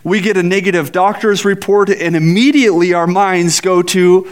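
Pastor, male, high-pitched, animated sermon delivery with acted-out voices. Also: moderate pace. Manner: animated preaching, acts out voices in scripture.

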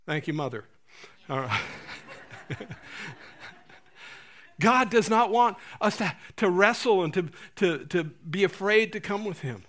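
Male pastor, high bright voice, lively sermon delivery with humor and mock voices. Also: a little slow, long pauses. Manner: animated, laughing, acting out prayers in funny voices.

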